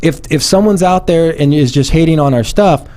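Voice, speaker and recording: Male co-host, blunt and profane, quick delivery, slightly high voice. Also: mellow. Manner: blunt, profane, fast-talking. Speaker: podcast co-host. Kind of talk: casual chat.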